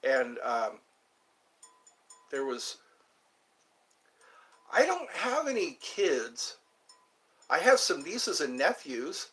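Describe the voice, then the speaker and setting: A man hosting a casual livestream, rambling and answering viewer comments with halting fillers. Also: a little high, very animated, a bit bright. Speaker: livestream host. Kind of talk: casual live chat with viewers.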